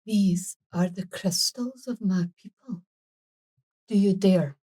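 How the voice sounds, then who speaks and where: An aloof elf speaks softly from a little way off the mic, as a man puts him on. The voice is mellow and slightly raised in pitch, and it sounds cool and detached. He is a mystic in a tabletop game. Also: takes it slowly. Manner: haughty, quiet, detached. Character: calm, aloof elf sitting on sacred crystals.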